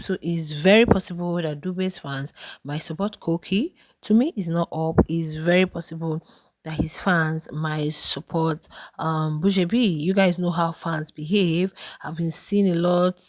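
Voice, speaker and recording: A woman's voice: on the low side, a little slow, dry recording. A woman with a South African accent hosting a YouTube channel, chatting casually to viewers about reality show voting polls. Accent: South African English. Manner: chatty, direct address to viewers. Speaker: YouTube host.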